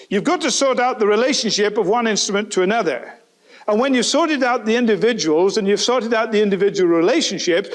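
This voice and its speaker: A man preaching a sermon, animated, putting rhetorical questions to the listeners and acting out the people he quotes. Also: sits high. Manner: animated, voices quoted speakers.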